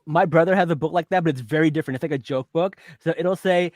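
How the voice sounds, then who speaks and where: A man hosting a podcast in casual chat, playful and quick with jokes, retelling scenes by acting out the lines. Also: fairly high pitch, no echo. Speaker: podcast host.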